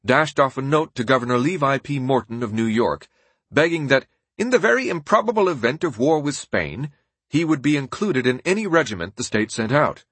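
A man narrating a biography audiobook in a measured, formal storytelling manner. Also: mid-range voice, big pitch swings, a bit bright, husky, no room sound.

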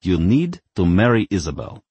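A man voicing a stern male servant who speaks in curt, flat statements. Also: deep voice, moderate pace, slightly rough, no room sound, muffled recording, heavily acted.

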